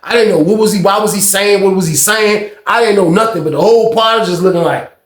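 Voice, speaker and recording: A man's voice: sits high, fast talker, echoey room. A man in his thirties casually telling a story, full of slang and "like" and "man". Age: 30s.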